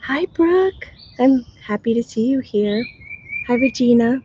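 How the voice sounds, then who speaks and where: A woman's voice: fairly high pitch, fairly even intonation, normal speed, warm tone, highs cut off, a little hiss or hum. A woman hosting a live stream as a spiritual medium, chatting casually with viewers, sounding tired in her morning voice and laughing often.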